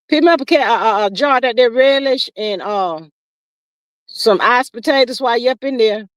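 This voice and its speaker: A woman's voice: a little high, no room sound. An older woman hosting a casual gossip livestream, drawling and calling listeners child and honey. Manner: folksy, drawn-out, calls listeners child and honey. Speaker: livestream host.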